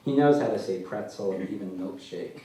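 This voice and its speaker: A man as an author at a live literary reading, telling his story in a dry, deadpan way, recorded from far off in a large hall. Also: on the low side, fairly quick. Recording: echoey hall, mic far off, faint noise.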